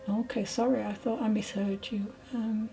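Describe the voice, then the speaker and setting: A woman giving a channelled mediumship reading, hesitant and apologetic, often dropping into soft whispered asides. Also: mid-range voice, flat delivery, moderate pace, creaky, faint music behind, low-quality recording. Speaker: spiritual medium.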